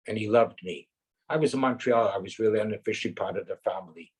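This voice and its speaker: A man's voice: on the low side, fast, breathy edge, rough recording. A man in his eighties from Canada, earnestly reminiscing in an interview with rambling anecdotes. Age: 80s.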